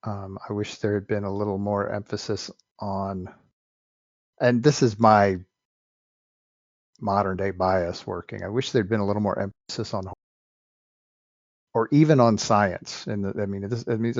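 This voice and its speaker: A man's voice: lowish voice, fairly even intonation, moderate pace, pauses often, no room sound, dull audio. A man co-hosting a podcast, giving frank, opinionated views on an old film, often restarting his sentences. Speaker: podcast co-host. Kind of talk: casual film discussion.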